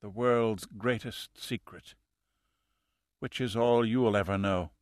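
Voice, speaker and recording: Man voicing a dying killer, hushed and cold. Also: on the low side, dry recording, clean studio sound. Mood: cold, fading. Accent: faint European. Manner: quiet, hushed and slow, fading breath. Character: dying male assassin, cold, fanatical, calm.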